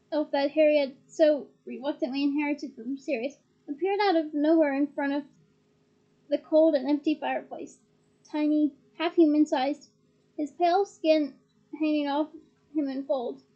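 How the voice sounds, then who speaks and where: A woman's voice: sits high, mellow, muffled recording. A woman reading a fantasy novel aloud, narrating steadily and with expression. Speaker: reader.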